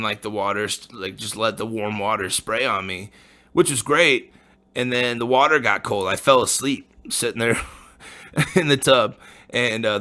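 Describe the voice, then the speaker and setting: Bright-voiced man telling a rambling story. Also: medium pitch. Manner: rambling, profane slang, frequent laughs. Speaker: podcast host. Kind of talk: casual storytelling.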